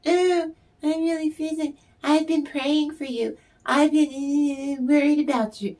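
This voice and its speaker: A woman's voice: high voice, steady tone, unhurried, a little mellow, voice pushed up. A woman putting on the voice of a fake-concerned, whiny toxic person in a sing-song mocking tone.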